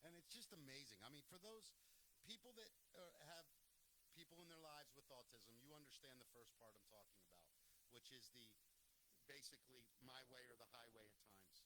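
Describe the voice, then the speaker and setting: A man's voice: mid-range voice, animated, fairly quick, background noise. A man hosting a live talk show, speaking earnestly and rambling, often correcting himself mid-sentence.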